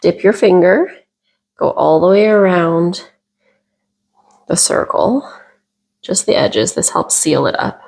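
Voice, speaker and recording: A woman's voice: lowish voice, slow, gravelly, long pauses, darkish tone. A woman hosting a casual cooking video, chatting and laughing as she walks through each step. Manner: chatty, giggly, explains steps as she goes. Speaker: cooking vlog host.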